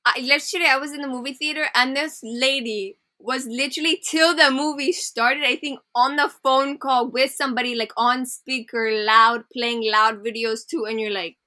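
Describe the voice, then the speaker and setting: A young woman co-hosting a podcast in casual chat, making quick asides and swearing casually. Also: sits high, steady tone, sharp tone. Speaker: podcast co-host.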